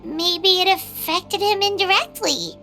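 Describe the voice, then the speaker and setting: An actress voicing a tiny, chatty floating companion creature in a video game, talking quick and expressive, recorded in a studio. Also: female voice, very high voice, soft background music, heavily acted.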